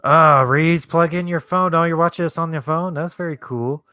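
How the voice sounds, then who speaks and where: A man's voice: on the high side, steady tone, normal speed, pushed and bright, clean tone, no echo, clean studio sound. Casual profane man streaming a watch-along. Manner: rambling, profane, reads chat aloud. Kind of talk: casual live-stream chat.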